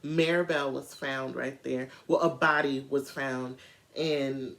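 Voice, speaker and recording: A woman telling a true crime story in a casual, animated way, speaking straight to her viewers. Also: extremely low pitch, takes it slowly.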